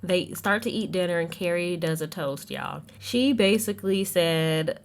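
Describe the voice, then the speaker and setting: A woman from the American South talks in a sassy, chatty way as she hosts a casual recap. Her voice sits low and she sounds young. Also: measured pace, few pauses. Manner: sassy, chatty, acts out quotes. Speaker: podcast host.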